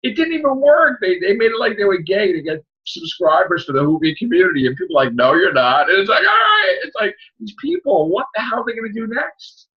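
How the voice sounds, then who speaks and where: A man's voice: big pitch swings, fast talker, hardly any pauses, highs cut off. A man hosting a casual podcast chat, ranting in an exasperated voice. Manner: exasperated, ranting, swinging pitch. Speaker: podcast host.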